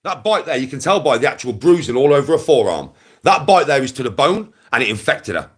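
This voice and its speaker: Sweary, animated man. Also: medium pitch, brisk, breathy edge. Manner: aggressive, sweary, repetitive. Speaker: livestreamer. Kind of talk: angry rant to camera.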